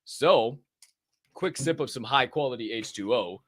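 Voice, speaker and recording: Brief: young American male host, crypto news chat, very animated pitch swings, close dry mic, profane and jokey. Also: a little slow, no room sound. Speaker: podcast host.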